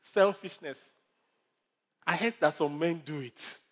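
A man's voice: fairly high pitch, slow pace, a bit bright. A male pastor preaching a sermon with numbered points, stories and humor.

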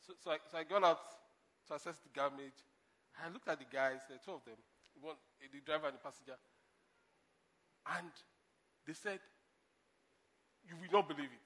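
A man preaching with a bright, high voice. He swings from loud, forceful emphasis to soft asides and laughs at his own stories. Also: a little fast, pauses often. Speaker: pastor. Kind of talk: sermon.

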